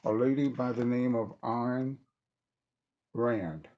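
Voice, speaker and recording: A man reading aloud from a book he wrote, deliberate and halting, stopping to correct himself. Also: mid-range voice, muffled recording, slight background noise. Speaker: author reading his own book.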